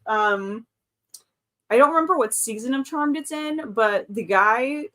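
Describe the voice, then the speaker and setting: A woman's voice: mid-range voice, fairly bright tone. Chatty woman hosting a reading stream. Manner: chatty, reads out chat comments, frequent laughs. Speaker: livestream host. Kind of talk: casual live-stream chat.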